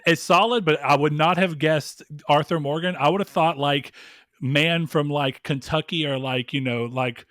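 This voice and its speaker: A man's voice: on the high side, moderate pace, a bit bright, no echo, clean studio sound. A man appearing as a guest on a gaming podcast, chatting in an easygoing way. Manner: easygoing, hedging with fillers. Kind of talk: casual chat.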